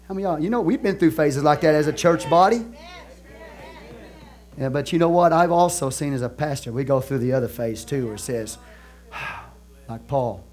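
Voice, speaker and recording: A man with a Texan accent, a pastor preaching a sermon, moving from soft conversational asides to loud exhortation and joking with the congregation. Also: a little high, normal speed. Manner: laughs and jokes with the congregation.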